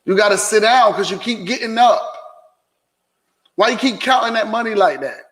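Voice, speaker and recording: Male vlog host, casual chat, teasing then straightforward, higher voice, long reverb in the room. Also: animated, moderate pace, a bit bright. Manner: teasing, laughing, then plainly explaining.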